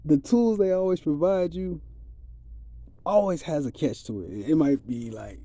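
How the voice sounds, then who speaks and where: Dark-voiced man musing on spirit and fate. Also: on the high side, animated, measured pace, dry recording. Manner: streetwise, rambling, preachy. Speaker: vlogger. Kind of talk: casual spiritual monologue.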